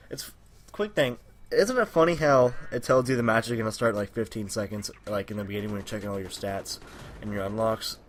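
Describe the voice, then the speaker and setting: A man giving casual gameplay commentary while he has a cold, his voice a little raspy, rambling with many fillers and corrections. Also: lowish voice, slight background noise. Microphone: personal microphone.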